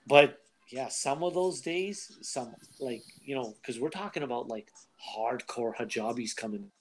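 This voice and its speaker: Male comedian, podcast co-host, casual and animated storyteller. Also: mid-range voice, measured pace. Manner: animated storytelling, acts out voices.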